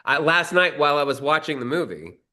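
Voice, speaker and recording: A man's voice: fairly high pitch, fairly quick. A middle-aged man, a screenwriter and actor, telling a long story in a casual interview and acting out the dialogue in it. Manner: animated storyteller, acts out quoted dialogue in a raised voice.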